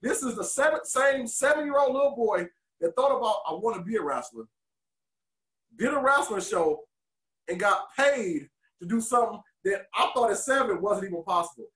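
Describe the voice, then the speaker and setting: High-voiced man telling animated stories. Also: normal speed, reverberant. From Detroit, USA. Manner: animated, emotional storyteller. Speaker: podcast co-host and former pro wrestler. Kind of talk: candid storytelling interview.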